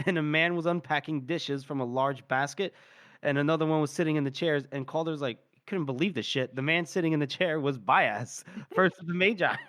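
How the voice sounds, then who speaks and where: A man with a somewhat high voice recaps a chapter in casual podcast chat. He laughs often and slips into quick voiced quotes of the characters as he goes. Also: a bit bright. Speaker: podcast co-host. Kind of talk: casual book discussion.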